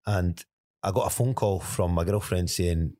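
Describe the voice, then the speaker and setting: A man's voice: low-pitched, unhurried, dark tone. A Scottish man telling a personal story in a casual podcast chat, earnest and step by step. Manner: earnest, recounts events step by step. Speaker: podcast co-host.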